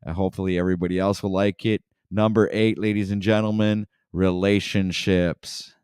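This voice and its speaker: A man's voice: low-pitched, little pitch movement, normal speed, a little mellow, clear, resonant tone, no echo, studio quality. A man hosting a livestream show, hyped and swearing, announcing the next segment. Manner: hyped, swearing, addresses "guys". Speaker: show host.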